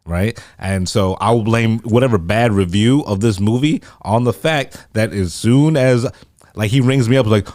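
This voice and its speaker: A man with a fairly low voice co-hosts a movie podcast in a studio, drunk and telling stories with a lot of swearing. His voice sounds close and dry, with no room around it. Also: normal speed, no echo. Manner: animated storytelling, swears a lot. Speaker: podcast co-host. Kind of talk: casual profane chat. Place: recording studio.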